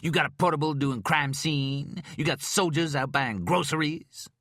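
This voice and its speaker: A man's voice: on the high side, normal speed, a bit bright, dry recording, studio quality, pitched above the performer's own voice. A man voicing a sarcastic, swaggering male FBI agent in an audiobook who talks in a mocking, streetwise way.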